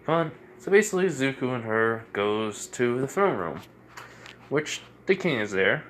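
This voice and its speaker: A man's voice: mid-range voice, sing-song, measured pace, slight background noise. A man casually narrating an improvised fan story, rambling with fillers and self-corrections.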